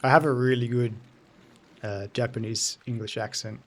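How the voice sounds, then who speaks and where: A man's voice: mid-range voice, flat delivery, normal speed. A man in his thirties chatting casually while streaming a game, loose and joking, answering his chat. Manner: loose, joking, sweary, talks to chat between game moments.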